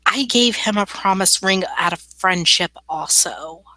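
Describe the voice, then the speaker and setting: A woman voicing a gentle, earnest young woman knight, speaking slowly and softly. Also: mid-range voice, no echo, poor audio.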